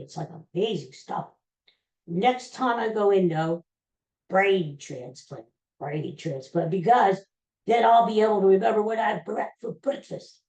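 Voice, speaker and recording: A man's voice: high voice, darkish tone. An older man hosting a casual solo podcast, rambling and joking in a folksy way. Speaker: podcast host. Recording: roomy echoey room.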